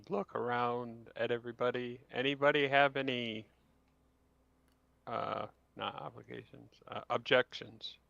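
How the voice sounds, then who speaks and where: A man playing a tabletop game, who talks slowly and haltingly in a gravelly voice. His sound is dull and dry, with little room. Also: mid-range voice, fairly bright tone, no echo. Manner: hesitant, halting. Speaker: player. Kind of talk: casual tabletop play.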